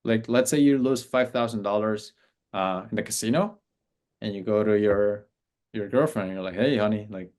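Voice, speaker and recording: A man's voice: fairly low pitch, fairly quick, a little mellow. Casual-talking male business coach. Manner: conversational, acts out sample client messages. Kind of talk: casual instructional talk.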